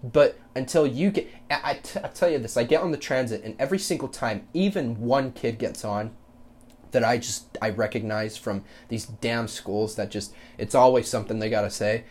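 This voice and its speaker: A man's voice: medium pitch, normal speed. Blunt, profane young man ranting. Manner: profane, blunt ranting with swings into loud mocking quotes. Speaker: podcast host. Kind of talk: casual solo podcast rant.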